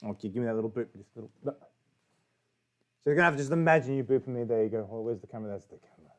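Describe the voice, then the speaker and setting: A man's voice: medium pitch, fast. A young Australian man in a casual, profane, jokey chat, telling a story as a livestream guest.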